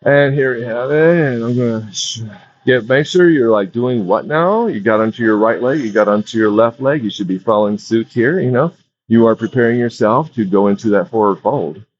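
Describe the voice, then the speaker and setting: A man talks a class through a stretching routine in a relaxed, rambling coaching manner, circling back to the same cues about breath and balance. His voice sits at an ordinary middle pitch. The recording is dull and lo-fi, with a dry, close sound. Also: normal speed, dry recording. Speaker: wellness instructor.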